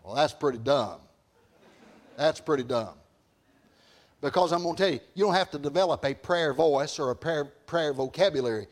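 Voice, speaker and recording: A man with a high-pitched voice preaches to a congregation in church. His delivery is emphatic and folksy, full of repeated phrases that climb into shouts. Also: normal speed, long pauses. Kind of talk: evening sermon to a congregation. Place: church service before a congregation.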